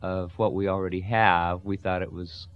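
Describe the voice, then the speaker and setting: Deep voiced guy asking questions, gentle and affirming, muffled lo-fi audio. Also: level tone, normal speed, smooth. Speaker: interviewer. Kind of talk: conversational interview.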